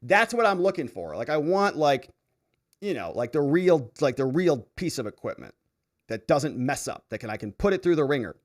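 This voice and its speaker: A man hosts a casual live stream, reading viewer comments aloud and reacting to them. His voice sits a little high for a man and swings widely in pitch. He laughs often and bursts into loud exclamations. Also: very animated, normal speed. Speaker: livestream host reading viewer chats.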